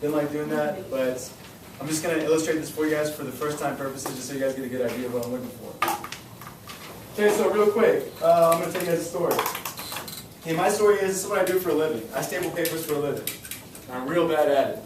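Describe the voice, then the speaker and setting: A young male high school science teacher leading a classroom lesson, energetic and repeating his questions to the students. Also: quick pace, background noise. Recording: echoey classroom from far off.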